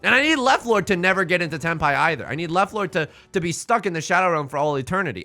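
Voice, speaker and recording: Young guy rambling over his game, bright voice bouncing all over, jokes about his bad luck, quiet music in the background. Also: high voice, fast, hardly any pauses. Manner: excitable, self-deprecating, rambling with repeated words. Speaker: let's play host. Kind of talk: casual gameplay commentary.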